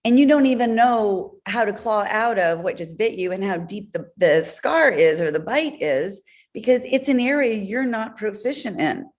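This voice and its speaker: A woman guest on an interview show, telling business stories in an animated way with laughs along the way. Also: medium pitch, normal speed. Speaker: guest, entrepreneur. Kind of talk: conversational storytelling.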